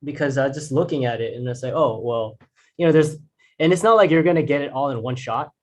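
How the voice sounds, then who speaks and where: A man's voice: on the high side, fast talker, slight background noise. A man teaching drawing in a casual, rambling way, restarting sentences and using fillers. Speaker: art instructor.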